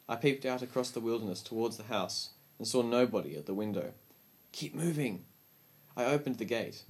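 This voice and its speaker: A man reading a story aloud as an audiobook narrator, with calm, measured storytelling. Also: fairly low pitch.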